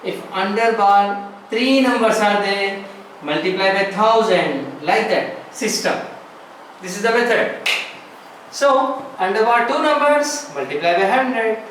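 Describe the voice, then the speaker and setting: A man's voice: high-pitched, animated, measured pace, a bit bright. A man teaching a classroom math lesson, explaining step by step, repeating phrases and asking rhetorical questions. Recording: echoey room, far from the mic, faint noise.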